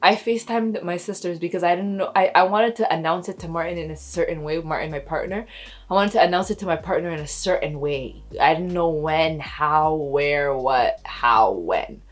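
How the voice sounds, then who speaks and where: A young woman, a stay-at-home mom, telling a story to her camera in a casual, emotional way, holding back tears. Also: low voice. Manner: emotional, talks slowly, near tears. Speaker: vlogger, expecting mother.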